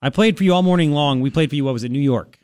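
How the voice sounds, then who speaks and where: A male radio host riffs sarcastically on the news, his voice a touch high and dry in the studio. He swings between mocking asides and animated rants. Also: very fast, no echo. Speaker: radio talk show host. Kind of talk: opinionated talk radio.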